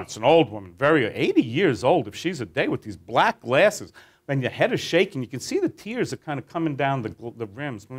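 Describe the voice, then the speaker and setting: A man leading a training class through a guided teaching tale, talking animatedly and quizzing his listeners. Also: fairly high pitch. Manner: animated, addresses listeners with questions.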